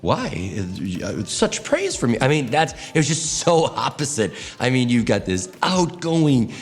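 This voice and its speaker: A man's voice: mid-range voice, unhurried, faint music behind. A man, a pastor, giving a teaching talk to church leaders, telling stories expressively and acting out quotes. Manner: expressive, animated storytelling with acted quotes.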